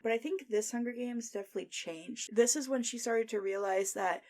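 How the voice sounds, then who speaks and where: A woman's voice: fairly high pitch, fairly quick, darkish tone. A young adult woman hosting a book podcast, chatting casually, laughing often and reading quotes aloud. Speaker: podcast host.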